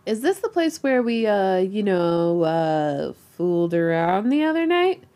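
A woman's voice: mid-range voice, very animated, a little slow, mellow. A woman doing a cheeky, randy young space pirate.

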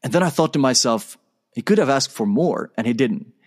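A man's voice: mid-range voice, brisk. A man telling a personal story as a guest on an interview show, talking with energy and acting out the dialogue. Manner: animated, acts out dialogue in his story. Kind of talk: conversational storytelling.

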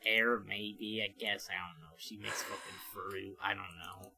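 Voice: low voice, flat delivery, measured pace, bright, forceful tone. A podcast co-host in casual chat, blunt and swearing, who keeps steering back to the topic.

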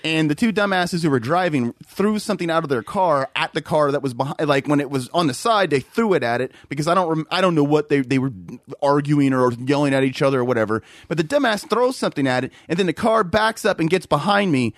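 A man's voice: fairly high pitch, expressive, quick pace, hardly any pauses, no echo, clean studio sound. A man co-hosting a podcast, telling exasperated, profane stories about rude customers in casual chat. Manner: profane, exasperated storytelling with laughs. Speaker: podcast co-host.

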